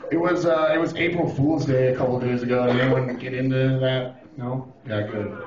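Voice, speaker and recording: A man doing a profane, animated stand-up routine on a club stage, now and then breaking into shouted impressions. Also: medium pitch, moderate pace, a crowd in the background. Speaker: stand-up comedian. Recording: roomy, distant, dull lo-fi club recording. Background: audience laughing.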